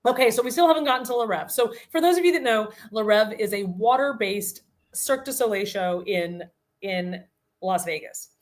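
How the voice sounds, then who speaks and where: A woman guest on a podcast, telling a funny story in casual chat with lots of laughter and quick asides. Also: mid-range voice.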